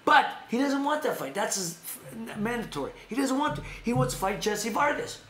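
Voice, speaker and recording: A man's voice: very high-pitched, sing-song, moderate pace, pushed and bright, echoey room. A man hosting a live stream, talking boxing news in a loose, rambling way with frequent restarts and laughs. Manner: rambling, self-correcting, laughs often. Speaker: host. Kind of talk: casual boxing news chat.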